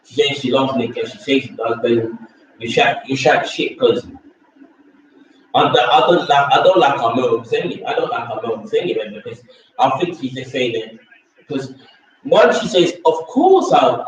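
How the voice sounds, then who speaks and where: A man talks in a loose, rambling way, circling back over the same blunt opinions again and again. His voice sits at an ordinary middle pitch. It comes from well back from the mic in a very echoey room, with a dull, lo-fi tone. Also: normal speed, recorded from a distance, slight background noise. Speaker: vlogger reviewing a reality show. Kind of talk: casual opinionated chat.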